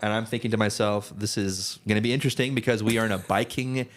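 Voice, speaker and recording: Low-voiced young man telling stories. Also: fairly even intonation, fast. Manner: rambling, many restarts and "like" fillers. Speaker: podcast co-host. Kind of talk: casual chat, storytelling.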